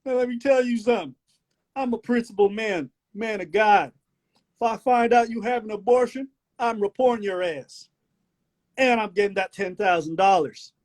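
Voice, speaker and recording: A man's voice: high-pitched, voice pushed up, close to an everyday voice. A man doing a brash Southern country boy. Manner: swaggering, boastful, repeats catchphrases. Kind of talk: comedy impression on a live stream.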